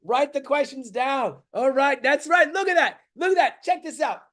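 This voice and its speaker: A man giving an animated motivational talk on a video call, swinging from loud exclamations to near-whispers. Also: very high-pitched, normal speed. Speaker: guest speaker on an acting workshop call.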